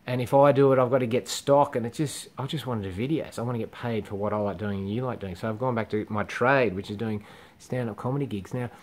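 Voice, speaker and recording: A man's voice: medium pitch, fast talker, a little mellow. Blunt, swearing Australian man ranting. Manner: blunt, profane, indignant, rambling. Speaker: comedian vlogger. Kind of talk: ranting monologue to camera.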